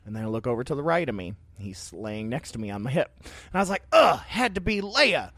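A man co-hosting a casual podcast, telling stories in a rambling, animated way with frequent laughs. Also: on the low side, fast, no room sound. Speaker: podcast co-host. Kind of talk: casual chat.

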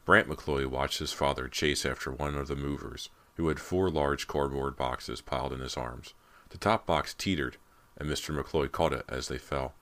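Very deep-voiced male narrator. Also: steady tone, moderate pace, a bit bright. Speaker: audiobook narrator. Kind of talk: scripted narration.

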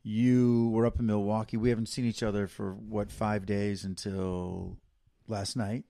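A man's voice: fairly low pitch, level tone, unhurried, vocal fry, dark tone, no room sound, studio quality. A middle-aged man co-hosting a podcast, chatting casually and teasing playfully. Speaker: podcast co-host. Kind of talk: casual chat.

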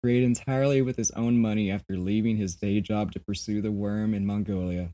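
A man with a dark, mellow voice co-hosts a casual podcast, reading out sources and breaking into laughter often. He talks in an animated, loose way and swears in passing. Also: fairly low pitch, brisk. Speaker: podcast co-host.

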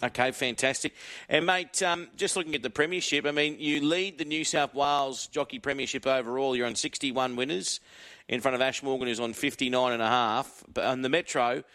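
A man's voice: medium pitch, steady tone, brisk, pushed and bright. A man with an Australian accent hosting a racing radio show, chatty and matey in a casual interview. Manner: matey and chatty, says "mate" often.

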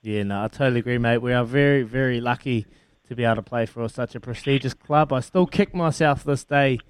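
A man hosting a casual interview in a friendly, brisk way. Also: medium pitch, clear, resonant tone, no echo. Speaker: host.

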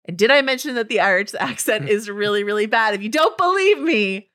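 A woman from Northern California co-hosting a podcast in casual chat, animated and laughing often. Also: mid-range voice, a little fast. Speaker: podcast co-host.

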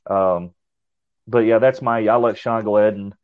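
A man's voice: on the low side, fairly even intonation, moderate pace, clear, resonant tone, phone-quality sound. A man, a paranormal investigator, telling a long story in a casual, rambling way, often restarting his words.

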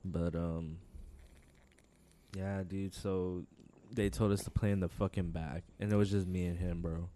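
A man co-hosting a podcast, telling a rambling story full of swearing and slang, laughing often, relaxed and high. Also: unhurried. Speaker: podcast co-host. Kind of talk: casual chat.

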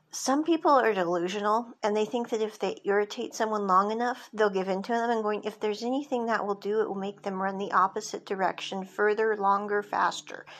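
A woman's voice: medium pitch, fairly bright tone. A woman podcast host giving a chatty, digressive recap of a TV drama, with side notes along the way.

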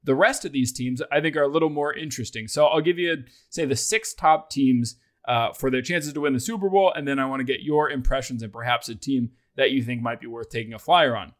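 A man's voice: medium pitch, a little fast, few pauses. A man hosting a sports podcast in casual chat, loose and self-deprecating as he reads out betting odds. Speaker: podcast host.

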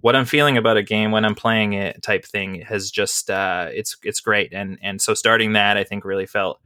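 Man, podcast host, rambling casual chat, bright tone, dry sound. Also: on the low side, fairly even intonation, moderate pace, clear, resonant tone, no echo. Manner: rambling, chatty with frequent fillers and laughs. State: has the hiccups.

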